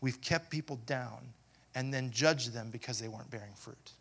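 A man preaching a sermon as pastor, asking the congregation questions and building to loud, emphatic passages. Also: medium pitch, moderate pace, vocal fry, slight background noise.

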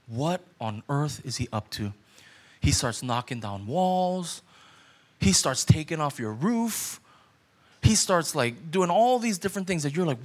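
A male pastor preaching a sermon in an animated, conversational way, often checking in with "right?". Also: fairly high pitch.

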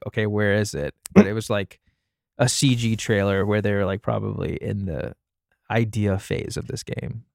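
A man's voice: medium pitch, a little mellow, clear, resonant tone, dry recording, clean studio sound. A young man co-hosting a casual gaming podcast, reading news in a chatty way with many fillers and restarts.

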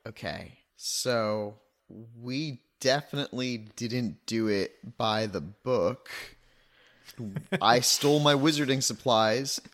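A man's voice: mid-range voice, slow pace, a bit bright. A man playing a tabletop game, laid-back and joking as he speaks for his character. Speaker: player. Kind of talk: tabletop role-play.

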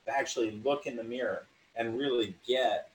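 A man's voice: mid-range voice, brisk. Male interviewer, earnest, agreeable, off-mic in an echoey room with faint background hum. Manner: earnest, agreeable, frequent short assents. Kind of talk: conversational interview. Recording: roomy distant sound with faint background noise.

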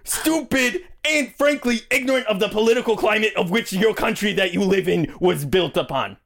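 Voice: medium pitch, moderate pace, a bit bright. A player voicing a touchy, dramatic male bunny adventurer who rants and lectures in character during a tabletop game. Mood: ranting. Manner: indignant, lecturing, swearing. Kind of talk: tabletop role-play in character.

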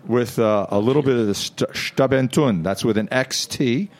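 A man's voice: mid-range voice, moderate pace. A man co-hosting a show in casual comedic banter, jokey and rambling, recorded in a restaurant before a live audience. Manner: jokey, rambling, trips over his words. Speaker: co-host.

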